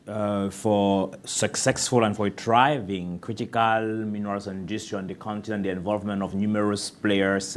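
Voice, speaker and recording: A man moderating a panel discussion, giving brief, affirming transitions between speakers. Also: on the low side.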